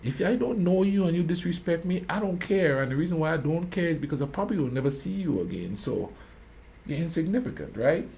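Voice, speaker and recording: A man's voice: fairly high pitch, sing-song, a little fast, creaky. A man hosting a reaction video, telling rambling anecdotes in a casual way and often asking "you know what I mean?". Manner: calls himself a quiet talker. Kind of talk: casual storytelling commentary.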